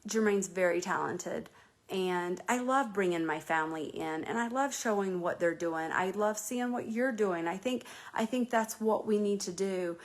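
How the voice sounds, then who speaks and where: A woman's voice: medium pitch, normal speed. A woman from North Carolina hosting a casual live chat, talking earnestly and rambling with many restarts and fillers. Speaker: host.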